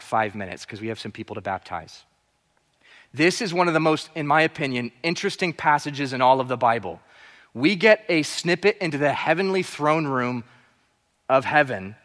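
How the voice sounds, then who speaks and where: A man delivering a sermon in a fairly high voice, preaching with emphasis and at times sinking to soft asides. His voice rings out with a long reverb, as from a large hall. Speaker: pastor.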